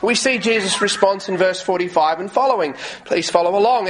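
High-voiced male pastor preaching earnestly. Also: brisk, fairly bright tone, low-quality recording. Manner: earnest, repeats words as he talks; reads scripture aloud in old English wording. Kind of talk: sermon.

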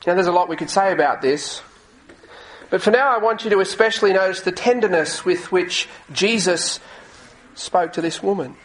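A man's voice: high-pitched, normal speed, low-quality recording. A male pastor preaching a sermon earnestly, often repeating words as he goes and reading scripture aloud. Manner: reads scripture aloud in old English wording.

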